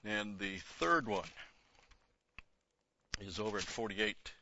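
A man's voice: on the low side, lively intonation, takes it slowly, pushed and bright, highs cut off, slight background noise. A man teaching the Bible verse by verse. He reads passages aloud with rising emphasis, then explains them in a casual, conversational aside.

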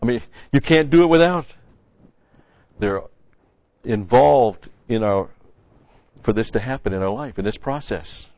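A man's voice: mid-range voice, measured pace, pauses often, darkish tone, no echo. A man preaching a sermon-style Bible teaching in a conversational, folksy way, repeating key phrases. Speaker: pastor. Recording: dry, dull lo-fi sound.

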